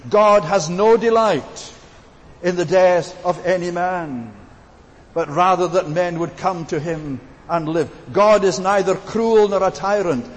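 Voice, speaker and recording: A man with a high voice delivers an earnest sermon, pressing his points by repeating key words. His voice rings with long reverb through a church hall, over a faint hiss. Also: slow. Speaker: preacher.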